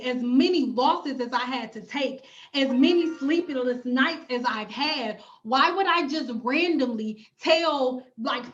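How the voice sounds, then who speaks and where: A woman's voice: sits high, sharp tone, dull audio. A woman, a hair care vlogger, speaking bluntly and emphatically to her livestream viewers, with profanity and repeated phrases. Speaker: hair care YouTuber and cosmetologist.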